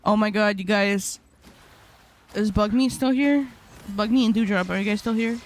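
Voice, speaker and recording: A young adult woman with a medium-pitched voice talks at normal speed while live-streaming and gaming. She chats casually with viewers, rambling through stories in a slangy way.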